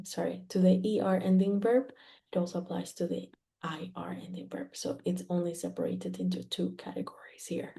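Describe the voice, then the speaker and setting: A woman's voice: fairly low pitch, warm tone. A woman from Mexico teaching Spanish grammar to learners, patient and careful, checking in with "okay?" after each point.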